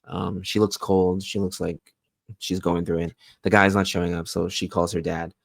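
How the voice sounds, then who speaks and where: A man co-hosting a casual TV recap podcast, retelling scenes in a relaxed way with fillers. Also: low voice, moderate pace, gravelly, no echo. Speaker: podcast co-host.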